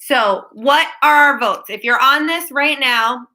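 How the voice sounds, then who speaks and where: Bright lively woman teacher. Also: high-pitched, unhurried, poor audio. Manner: lively, direct, speaking to students by name. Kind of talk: live online class Q&A.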